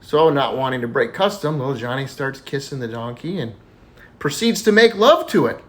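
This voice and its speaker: A man telling dirty jokes in a casual style, animated and chuckling as he goes. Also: mid-range voice, moderate pace. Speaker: joke teller.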